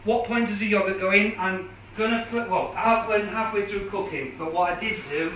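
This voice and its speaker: A man's voice: sits high, fairly even intonation, moderate pace, recorded from a distance, noisy background. Chatty English man cooking in an echoey kitchen. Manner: chatty, explains as he cooks, many ums. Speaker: cooking demonstrator. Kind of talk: casual live cooking demo. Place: home kitchen.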